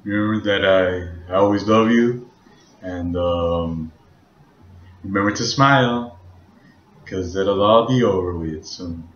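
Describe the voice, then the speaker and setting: A man talking casually in a vlog, rambling and halting, with a lot of fillers. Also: deep voice, fairly bright tone. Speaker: vlogger. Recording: echoey room, dull lo-fi sound.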